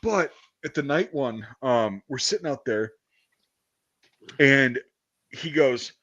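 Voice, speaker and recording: At a slow pace and medium pitch, a man hosts a casual podcast chat, spinning army stories with loose, animated profanity. The sound is dull and lo-fi.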